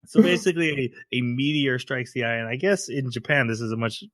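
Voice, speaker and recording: A man's voice: medium pitch, fairly quick, fairly bright tone, no echo, clean studio sound. A man hosting a casual podcast, rambling through an anime episode, laughing often and acting out quotes. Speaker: podcast host.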